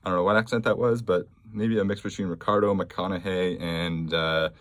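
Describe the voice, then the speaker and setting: A man's voice: sits low, fairly even intonation, normal speed, no room sound. Blunt, offhand male podcast host. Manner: blunt, offhand, reads news aloud with fillers. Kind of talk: casual solo podcast commentary.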